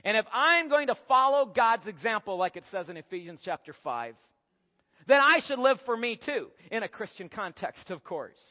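A preacher puts on a smug, self-absorbed cat, drawling that everything exists for it. The voice runs high for a man. It comes through a dull, lo-fi recording with a long hall echo. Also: big pitch swings, moderate pace. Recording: echoey hall, dull lo-fi sound.

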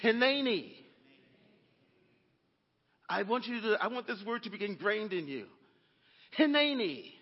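A pastor preaches a sermon and calls out to his congregation for answers. His voice sits high for a man. The recording is dull and muffled, with a long church echo behind him. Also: animated, fast, hardly any pauses, slightly rough. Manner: preaching with call-and-response asides to the congregation. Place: church sanctuary.

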